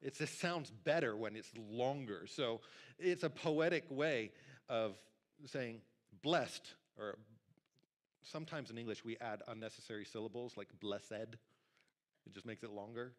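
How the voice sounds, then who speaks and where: A male pastor preaching a sermon to a church congregation in a lively, conversational way, talking directly to the people in the pews. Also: mid-range voice, unhurried. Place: church sanctuary.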